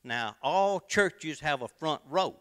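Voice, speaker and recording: A man spins a comic tall tale in a somewhat high voice. His delivery is folksy and dramatic, dropping quiet and then booming out. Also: animated, takes it slowly, smooth. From Tennessee. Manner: folksy, dramatic, shifts between loud and quiet. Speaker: contestant storyteller.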